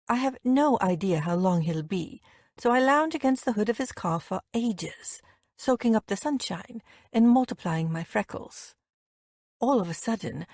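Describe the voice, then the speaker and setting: A woman reading a first-person romance audiobook with lively, wry storytelling. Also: mid-range voice, no room sound, clean studio sound. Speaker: audiobook narrator.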